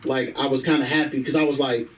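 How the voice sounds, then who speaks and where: A man's voice: medium pitch, flat delivery, fast, recorded from a distance, rough recording. A man doing a stand-up comedy set on a comedy club stage through a stage microphone, telling stories in a brash, profane way.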